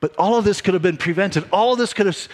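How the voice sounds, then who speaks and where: A middle-aged man delivering a sermon, telling a personal story in a conversational, animated way with frequent restarts. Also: high voice, quick pace. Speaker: pastor.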